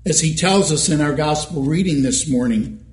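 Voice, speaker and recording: A male pastor preaching a sermon in a church, measured and emphatic, asking rhetorical questions. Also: fairly high pitch, a little mellow, roomy sound.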